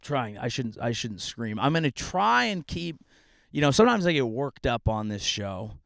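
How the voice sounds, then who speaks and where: Sarcastic rambling comedian, dry sound. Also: male voice, mid-range voice, sing-song, moderate pace, creaky, no room sound. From California. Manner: sarcastic, rambling, bursts into shouting. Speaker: comedian podcast host. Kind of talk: comedic monologue. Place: outdoors in a grassy meadow.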